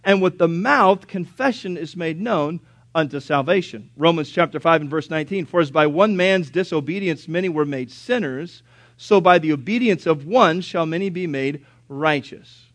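A man preaching a sermon, emphatic and questioning his listeners, rising loud and dropping to a hush. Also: fairly high pitch, normal speed, no echo. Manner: emphatic, questions the congregation, swings from loud to hushed.

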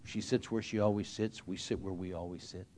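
A man's voice: low-pitched, fairly even intonation, fairly quick, warm tone. An older man, a retired pastor, telling a story in a sermon, earnest and emphatic with frequent restarts.

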